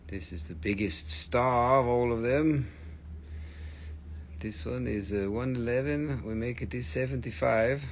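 A man hosting a live sale of stones, talking in halting, broken English with fillers while he names prices. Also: medium pitch, slight background noise. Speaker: host of a live crystal sale. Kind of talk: live sales patter. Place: shop, indoors.

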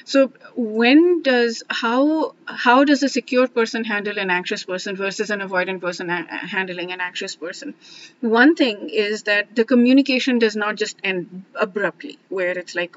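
A woman talking through relationship advice in a casual, reflective monologue, often restarting and trailing off softly. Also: mid-range voice, fairly even intonation, normal speed, dull audio. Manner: thoughtful, many restarts and asides, trails off softly. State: briefly emotional, near tears. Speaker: self-help vlogger.

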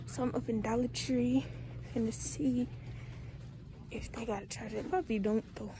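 A high-pitched young woman talks straight into her phone, loose and slangy, calling her viewers y'all. There's a faint hum of outdoor noise behind her voice. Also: fairly even intonation, moderate pace. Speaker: vlogger. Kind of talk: casual vlog talk to camera. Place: in and around a parked car and stores. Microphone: phone held in hand.

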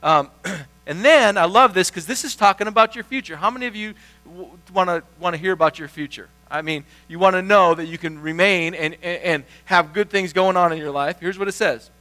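High, bright-voiced pastor preaching. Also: male voice. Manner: rambling, folksy asides, building to emphatic repetition. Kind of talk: sermon.

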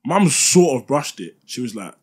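A young man, telling stories in a relaxed, slangy way as a podcast co-host and laughing often. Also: medium pitch, normal speed, breathy edge. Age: young adult. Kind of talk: casual chat, storytelling.

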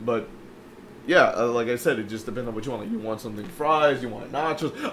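A man's voice: medium pitch, animated, a little fast, crowd noise. A man co-hosting a podcast, telling a story in casual, profane chat and acting out the quoted voices. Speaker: podcast co-host.

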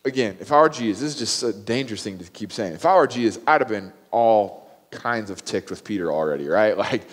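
A man preaching a sermon as pastor, animated and acting out the quoted voices with rising intensity. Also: fairly low pitch, brisk, husky, in a large hall. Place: church sanctuary.

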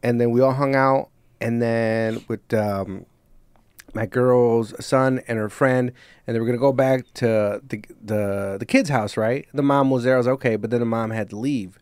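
A man's voice: medium pitch, steady tone, moderate pace, a little mellow, smooth, no echo, studio quality. A man hosting a podcast, chatting in a loose, rambling, laid-back way. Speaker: podcast host. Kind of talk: casual chat.

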